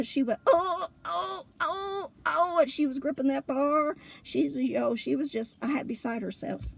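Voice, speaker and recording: A woman telling a funny personal story in a lively, colloquial way, laughing often between lines. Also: on the high side, vocal fry, breathy edge. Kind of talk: casual spoken storytelling.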